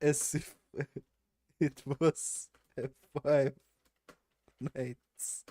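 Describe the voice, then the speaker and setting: Rambling, laughing young man, slow and dry. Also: mid-range voice, fairly even intonation, mellow, no echo. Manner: rambling, laughing, reads chat aloud. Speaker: streamer. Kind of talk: casual live-stream chat.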